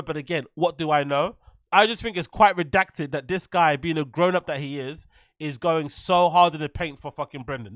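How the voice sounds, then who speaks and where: A man hosting his own stream, swearing freely and laughing as he rants. His voice is notably high for a man, recorded dry with no room sound. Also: a bit bright, no echo. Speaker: livestream host. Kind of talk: ranting commentary.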